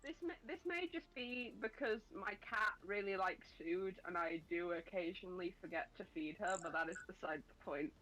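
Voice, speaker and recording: A woman's voice: fairly low pitch, moderate pace, hardly any pauses, a bit bright, low-quality recording. A woman in casual chat while drawing, laid-back and swearing offhandedly. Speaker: artist co-host.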